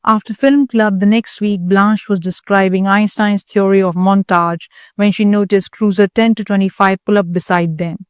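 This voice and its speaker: A woman storyteller giving a scripted narration in a steady, even reading. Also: mid-range voice, moderate pace, hardly any pauses, smooth, no room sound, studio quality.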